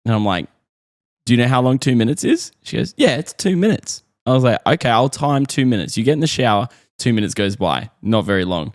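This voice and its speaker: A man's voice: mid-range voice, fast talker, dry recording, clean studio sound. An Australian man in his thirties, a father chatting casually and earnestly on a parenting podcast, rambling as he talks things through. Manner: rambling, earnest, self-questioning. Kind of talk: casual chat.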